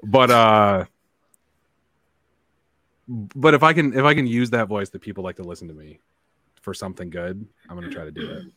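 A man with a smooth, deep voice chatting casually on a podcast, rambling and swearing freely. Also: moderate pace, pauses often, no echo. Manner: rambling, profane, laughs loudly. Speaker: podcast co-host. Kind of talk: casual chat.

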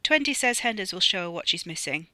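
A woman's voice: mid-range voice, animated, fast, pushed and bright, no room sound. A woman voicing a cocky, domineering young man who gives orders. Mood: bossy. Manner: bossy and commanding.

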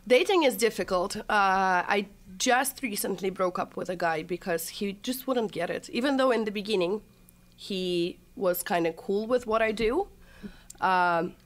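A woman's voice: medium pitch, a little slow. A playful woman whose first language is Russian talks casually in a medium voice, teasing and laughing as she chats. Her speech is easygoing and conversational. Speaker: guest, comedy video creator.

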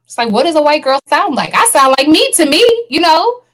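A woman's voice: sits high, very animated, a little fast, a bit bright, poor audio. A woman co-hosting a casual panel discussion, talking earnestly and laughing often. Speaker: podcast co-host.

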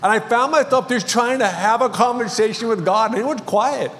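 Male pastor with a high voice, joking his way through a sermon story in a big echoing church. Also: a little fast, fairly bright tone. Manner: storytelling with light humor. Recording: long reverb of a large hall.

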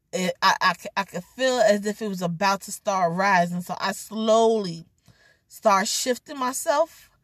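A young woman with a fairly high voice tells a story straight to her viewers in a casual storytime style. She is openly overly dramatic and animated. The recording is close and dry. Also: no echo. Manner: self-described overly dramatic, animated retelling. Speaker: vlogger.

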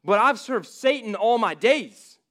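A man's voice: extremely high pitch, animated, a little slow, pushed and bright, pitched above the performer's own voice, heavily acted. A man reading the part of a guilt-laden sinner who protests that he is unworthy, urgent and pleading.

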